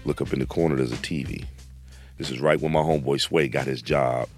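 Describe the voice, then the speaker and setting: Casting: middle-aged man, very deep voice, casual slangy storyteller, faint music bed. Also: a little fast. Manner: animated, slangy, acts out quotes. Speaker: guest telling a story.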